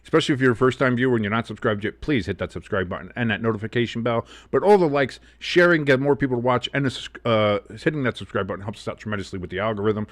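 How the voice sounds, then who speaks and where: A man's voice: medium pitch, rapid-fire, few pauses, dry recording. A man hosting a casual live sports talk show, rambling and swearing freely with lots of fillers. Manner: rambling, profane, animated.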